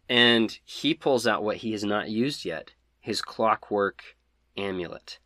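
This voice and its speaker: Low-voiced guy running a tabletop game, laid back, dry close mic. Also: slow pace, dry recording. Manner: relaxed, laughing at own dice rolls. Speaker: game master.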